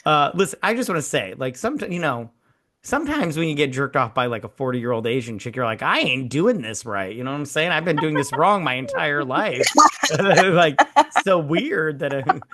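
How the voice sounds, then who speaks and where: A man's voice: fairly high pitch, expressive, moderate pace, bright, forceful tone. A man hosting a casual movie-review podcast, animatedly retelling scenes, acting out characters' lines, laughing often and joking crudely. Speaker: podcast host.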